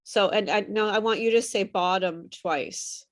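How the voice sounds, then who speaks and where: A woman's voice: mid-range voice, normal speed. A woman tutoring a small online class in pronunciation, modelling words and repeating them patiently. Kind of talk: online group lesson.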